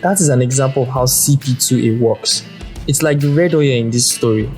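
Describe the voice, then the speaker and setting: A man talking casually on his own podcast, a rambling storyteller who drifts between explanation and anecdote. His voice sits at an ordinary pitch for a man, relaxed and conversational. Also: fairly quick, faint music behind. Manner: rambling storyteller, chatty with fillers. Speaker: podcast host. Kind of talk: casual solo podcast monologue.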